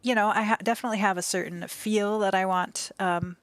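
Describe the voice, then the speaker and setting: A young adult woman streaming from home, talking in a gentle, emotional way with many fillers and restarts. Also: mid-range voice, steady tone, fairly quick, clean tone, dry recording. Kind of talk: casual live-stream chat.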